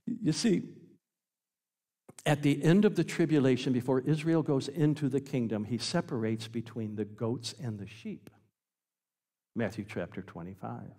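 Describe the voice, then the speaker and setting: A man preaching a sermon as pastor, emphatic, swinging between loud passages and quiet ones. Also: mid-range voice, gravelly, in a large hall. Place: church sanctuary.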